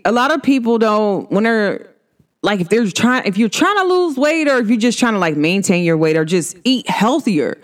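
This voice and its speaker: A woman in her thirties hosting her own vlog, chatting casually, playful and laughing often. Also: on the high side. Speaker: vlog host.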